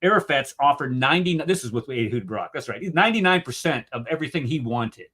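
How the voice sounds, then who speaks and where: Male host, mid pitch, combative and animated. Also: quick pace, slightly rough. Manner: argumentative, animated, acts out quotes. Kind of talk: casual debate chat.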